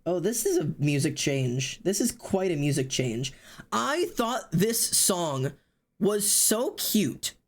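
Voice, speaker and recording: Livestreamer, loud, rambling, self-mocking, casual chat. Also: medium pitch, sing-song, slow. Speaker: streamer.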